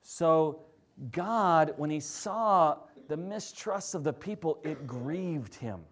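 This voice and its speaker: Speaking slowly and expressively, a pastor preaches a conversational sermon and checks in often with those listening. His emphasis swings between loud and quiet, low stresses.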